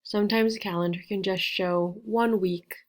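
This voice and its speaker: A woman teaching a beginner English lesson, spelling out and repeating words slowly with careful, clear pronunciation. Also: mid-range voice, steady tone.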